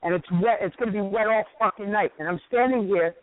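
A man voicing a brash, hot-tempered Italian-American caller who swears and yells insults, in a radio comedy bit. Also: sits high, fast, no room sound, natural voice. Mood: belligerent. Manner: profane, aggressive, shouting insults. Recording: tinny dry phone line.

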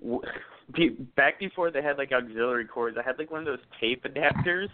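A young man tells stories on a podcast, laughing through them and swearing freely. His voice is smooth and clear but sounds thin and phone-like, close and dry with no room sound. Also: mid-range voice, fairly quick, dry recording. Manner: laughing while telling stories, profane. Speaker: podcast co-host. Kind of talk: casual storytelling chat.

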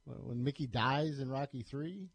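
Husky-voiced man on sports radio. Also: mid-range voice, normal speed, no room sound. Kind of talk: casual sports talk.

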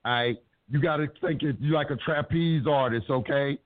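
Recorded with a tinny, dry, phone-like sound, a man with a medium-pitched voice tells his story as an interview guest at a moderate pace. He's blunt and emphatic, and his animated storytelling is full of heavy cursing.

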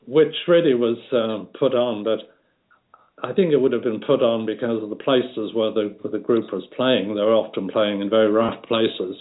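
Older Liverpool man, low voice on a phone line. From Liverpool, England. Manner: unhurried, many fillers and restarts. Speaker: guest. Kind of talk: casual interview reminiscence.

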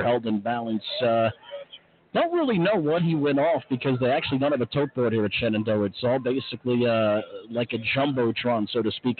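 A man hosting a live racing podcast from a trackside stage outdoors, speaking in a hushed, casual way with many uh's. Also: mid-range voice. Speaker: podcast host. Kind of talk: live racetrack broadcast chat. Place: outdoor stage on a racetrack finish line. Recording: tinny phone-like line.

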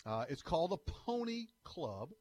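Sports radio co-host, male, slightly high and very animated, jokey storyteller. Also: a little slow. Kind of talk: casual sports talk radio banter.

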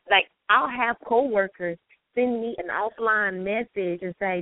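A woman with a Southern accent gossiping about a coworker in a sassy, animated way on a call-in show. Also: medium pitch, a little slow, no echo. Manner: sassy, animated gossiping, calls people honey. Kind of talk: casual chat. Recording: dry tinny phone line.

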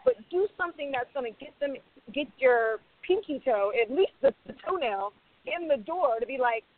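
A woman's voice: sits high, lively intonation, moderate pace, slight background noise. Woman writer on a panel getting passionate, acts out little bits of dialogue, sounds tinny like a phone. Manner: emphatic, acts out quoted dialogue. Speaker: screenwriter on a panel. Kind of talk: animated panel discussion.

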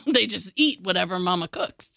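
A middle-aged woman co-hosting a podcast, chatting casually and telling animated stories with frequent laughs. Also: on the low side, moderate pace, gravelly, no room sound. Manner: animated storytelling, laughs often, acts out quotes. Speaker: podcast co-host. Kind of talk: casual chat.

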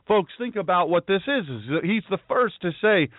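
A man's voice: high voice, animated, normal speed, hardly any pauses, no echo, narrow, tinny audio. A man preaching a sermon who tells the story dramatically and acts out the voices of the people in it. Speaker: pastor.

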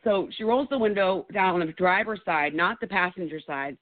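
A woman guest telling a first-hand story in a lively way, acting out her own words loudly. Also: on the low side, normal speed. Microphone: phone call. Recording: tinny phone line.

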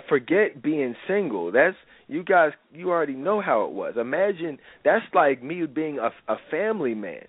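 A man's voice: medium pitch, no room sound. A man hosting a radio talk show, lecturing listeners in a rambling, preachy monologue. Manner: preachy, rambling, lots of fillers. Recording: phone-like radio line.

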